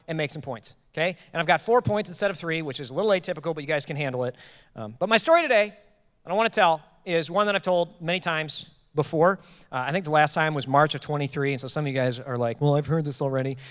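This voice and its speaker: Fast-talking, animated pastor. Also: male voice, a little high, smooth. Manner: animated, joking, quotes people in raised voices. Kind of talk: storytelling sermon. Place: church auditorium. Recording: long hall reverb.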